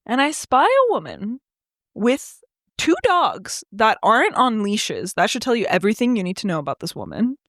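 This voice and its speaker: Animated young woman telling a story. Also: a little high, moderate pace, no room sound, clean studio sound. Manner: animated, swears freely, acts out quoted voices. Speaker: podcast co-host. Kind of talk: casual chat, storytelling.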